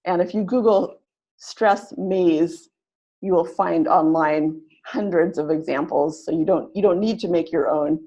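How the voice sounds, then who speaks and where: A woman leading an online teaching webinar, upbeat, who slows down to sound out words syllable by syllable. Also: fairly low pitch, mellow, breathy edge, highs cut off. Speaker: teacher trainer.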